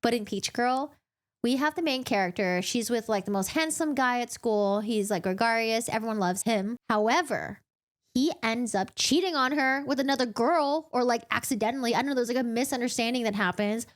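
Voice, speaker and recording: A young woman gives a casual, rambling recap of a novel to her viewers. She giggles often and jumps into playful voices for the characters. Her voice sits a little above the usual pitch for a woman. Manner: chatty, giggly, acts out characters in quick put-on voices. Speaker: book channel host.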